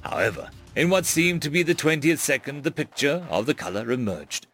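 A man narrating stories with an expressive, lively delivery. His voice is fairly high and gravelly. Soft music plays under his reading. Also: fairly quick. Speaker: story narrator. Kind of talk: reading fan stories aloud.

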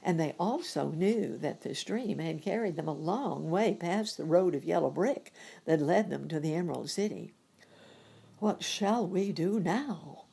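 A woman reading a children's storybook aloud, gentle and unhurried. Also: sits low, expressive, vocal fry, slightly rough. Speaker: reader. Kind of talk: storybook narration.

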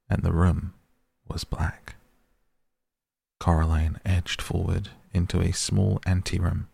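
A man reading a storybook aloud at a slow, measured pace. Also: low-pitched, gravelly, darkish tone, slightly rough, no room sound. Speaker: narrator.

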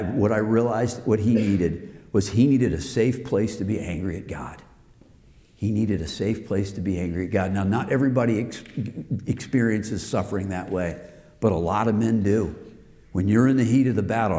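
A man's voice: on the low side, mellow. An earnest man delivers a sermon-style lesson to a group of men. He speaks emphatically and personally. The voice rings through a roomy hall with long, trailing reverb. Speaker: men's group teacher.

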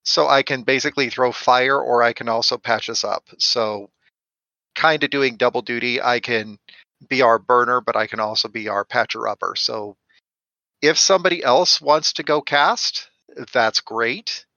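An experienced player with a bright, forward voice explains his choices cheerfully. The recording is dry and a bit muffled. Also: mid-range voice, normal speed, vocal fry, no echo. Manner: explanatory, upbeat. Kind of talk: casual chat.

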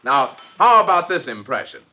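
An actor playing a breezy, wisecracking nightclub entertainer in a 1940s radio drama. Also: male voice, mid-range voice, very animated, normal speed, bright, forceful tone, low-quality recording. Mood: showy. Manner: breezy wisecracking showman patter. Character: brash nightclub impressionist entertainer man. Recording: old radio recording with crowd behind.

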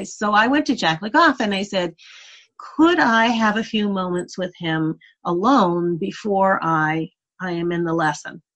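A woman's voice: on the low side, fairly bright tone. A woman guest telling a long personal story in an interview, earnest and reflective, sometimes laughing at herself. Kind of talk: conversational storytelling.

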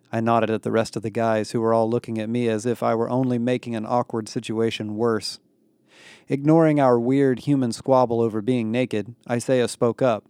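A man narrating a novel in the first person with a steady, wry delivery. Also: medium pitch, normal speed, no echo. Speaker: audiobook narrator.

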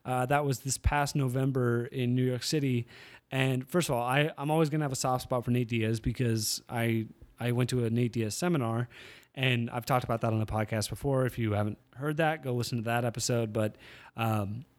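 A man's voice: mid-range voice, fairly even intonation, a little fast. A man hosting his own podcast, chatting casually and rambling as he tells stories, often correcting himself as he goes. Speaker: podcast host. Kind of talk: casual solo podcast chat.

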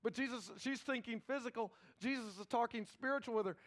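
A man preaching a sermon, moving between emphatic loud passages and hushed low ones and acting out biblical characters in quick quoted asides. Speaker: pastor.

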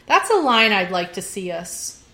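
A woman's voice: medium pitch, sing-song, a little slow, pushed and bright. A middle-aged woman in casual chat, talking bluntly and emphatically with firm opinions.

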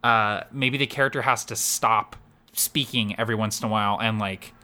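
A man in a casual podcast chat, animated and rambling, full of fillers. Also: fairly low pitch, moderate pace. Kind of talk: casual chat about voicing game characters.

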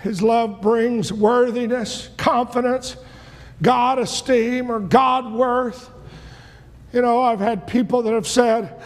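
A male preacher with a very high voice who delivers his sermon slowly and deliberately, building into impassioned shouts. His voice rings out in a large hall with a long reverb, while soft instrumental music plays behind him. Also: steady tone. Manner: impassioned, often shouting in rising bursts.

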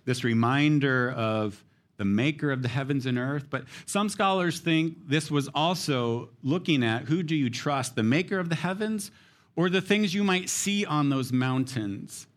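A man preaching a sermon, explaining a psalm in an earnest teaching manner. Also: medium pitch. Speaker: pastor.

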